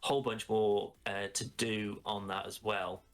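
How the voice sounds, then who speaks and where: A man's voice: on the low side, little pitch movement, a little slow, soft background music. A man co-hosting a podcast, ranting in casual chat and mimicking voices as he mocks things. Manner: sweary, ranting, mock-quoting in put-on voices. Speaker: podcast co-host.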